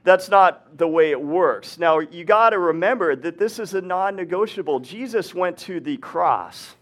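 A man's voice: sits high, lively intonation, moderate pace, fairly bright tone. Man preaching a casual sermon. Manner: conversational, laughs often, checks in with "right?" and "okay?". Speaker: preacher and teacher. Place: hot upstairs room, live audience.

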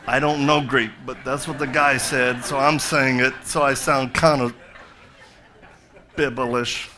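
A man's voice: medium pitch, steady tone, unhurried, crowd noise. A middle-aged male pastor preaching a sermon, telling a story with jokey asides and then building to fervent appeals.

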